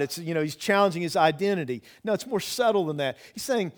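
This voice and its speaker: A man's voice: high voice, fairly quick, hardly any pauses. A man preaching a sermon as pastor, earnest and conversational, often repeating words and restarting his sentences. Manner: conversational preaching with many "you know"s.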